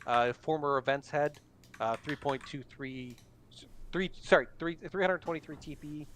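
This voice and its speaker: A man's voice: fairly high pitch, normal speed, fairly bright tone, a little hiss or hum. Easygoing man calling draft picks. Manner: easygoing, filler-heavy announcing. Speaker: draft broadcast host. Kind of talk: casual live draft commentary.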